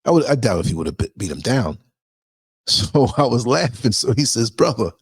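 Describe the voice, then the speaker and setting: A man with a New York accent, a podcast host telling a story in a casual monologue, animated and acting out the voices he quotes. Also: mid-range voice, normal speed, slightly rough, no room sound.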